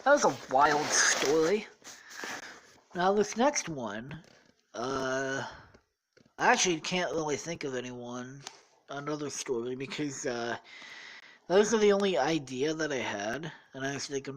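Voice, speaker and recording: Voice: medium pitch, lively intonation, unhurried, poor audio. A worn-out podcast host tells a made-up story off the cuff. The delivery rambles, trips over itself and is full of "um"s, "like"s and casual profanity. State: tired.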